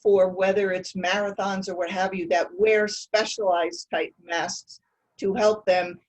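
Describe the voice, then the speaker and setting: A woman who heads a youth soccer association, explaining her points in a measured way on a video call. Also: medium pitch, little pitch movement, rough recording. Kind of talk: casual video call meeting.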